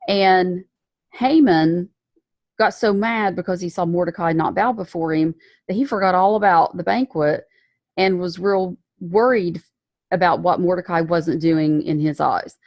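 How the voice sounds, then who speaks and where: A woman's voice: lowish voice, unhurried, a little mellow, no room sound. A woman giving a casual Bible lesson, retelling the story in a chatty way with slang and frequent self-corrections. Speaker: Bible teacher.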